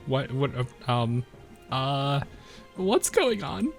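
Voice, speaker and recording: Lively, chatty man reading a game story. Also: mid-range voice, takes it slowly, creaky, soft background music. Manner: chatty, self-mocking, laughs often. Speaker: gaming YouTuber.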